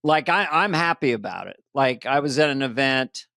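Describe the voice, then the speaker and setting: A man co-hosting a comedy podcast, telling celebrity anecdotes in a playful, animated way. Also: mid-range voice, normal speed, gravelly, dry recording, clean studio sound. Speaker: podcast co-host. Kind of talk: casual comedic storytelling.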